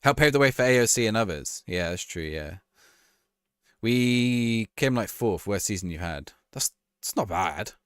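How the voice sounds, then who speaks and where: A man's voice: lowish voice, expressive, moderate pace, smooth, dry recording, studio quality. A man chatting casually to his viewers on a live stream, laughing and reacting to a match as he talks. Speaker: livestreamer.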